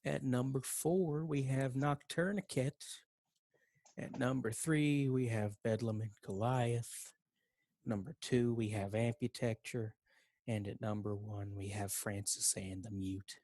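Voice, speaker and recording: A man's voice: medium pitch, fairly even intonation, measured pace, a little mellow, no echo. A man in a casual podcast chat with a dry, sarcastic manner. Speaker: podcast co-host.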